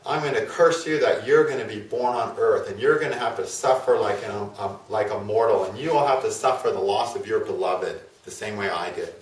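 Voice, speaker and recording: A man's voice: on the low side, brisk, few pauses, natural voice. A man voicing a proud, hot-tempered male sage in a retold myth, recorded in a roomy space away from the mic. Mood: furious. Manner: pleading then raging. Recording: roomy, from a distance.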